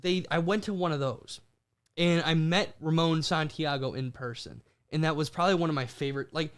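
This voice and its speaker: Young guy cohosting a podcast, animated storyteller, kinda high voice. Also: clean tone. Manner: animated storytelling, quick bursts and restarts. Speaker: podcast co-host. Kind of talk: casual chat.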